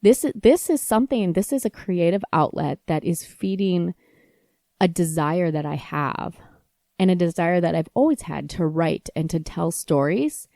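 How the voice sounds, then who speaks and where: A woman in her thirties telling a story about her kids in a casual, animated way, laughing and acting out her own side of conversations. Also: fairly low pitch, normal speed, gravelly, dry recording, clean studio sound. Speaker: podcast host and mom blogger.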